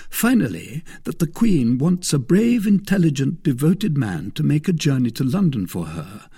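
A man's voice: mid-range voice, dark tone, husky. A man playing a bold, passionate young suitor, declaiming his devotion with earnest energy. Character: bold, ardent young male suitor, gallant.

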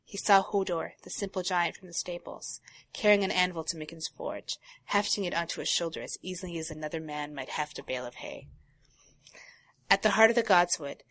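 A woman co-hosting a casual talk show, reading a long passage from a novel aloud and breaking off for quiet asides. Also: fairly low pitch. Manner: reads prose steadily, drops to quiet asides. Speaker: podcast co-host.

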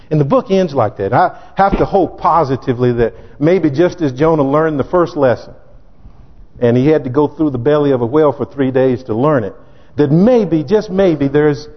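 A man preaching a sermon as pastor, emphatic and sometimes shouting, acting out scripture in character voices. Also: fairly high pitch. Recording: dull lo-fi recording in echoey hall.

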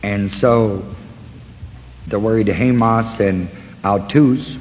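A man teaching a Bible study, slowly walking listeners through word references in a deliberate way. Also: mid-range voice, in a large hall, a little hiss or hum, rough recording. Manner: slow, deliberate, pausing to point out references.

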